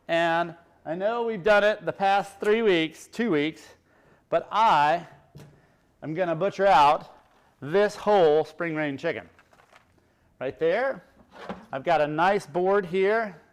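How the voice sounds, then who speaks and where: A middle-aged man, a chef, giving a chatty cooking demonstration and explaining each step as he works. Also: high voice. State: teary from onions.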